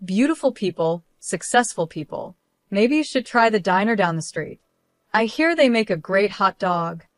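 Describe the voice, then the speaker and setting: A smug, spiteful woman with a syrupy, falsely sweet way of talking, read by a woman narrator. The delivery stays at a middling pitch. The sound is dry and close. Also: lively intonation, normal speed, dry recording, natural voice. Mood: sugary, mocking. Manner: overly sweet, fake concern. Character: smug spiteful woman, sister-in-law type.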